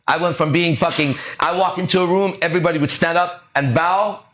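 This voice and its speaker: A man's voice: on the high side, fast, hardly any pauses, fairly bright tone. A man hosting a podcast, telling a story in a casual, profane way and acting out the other people's voices. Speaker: podcast host.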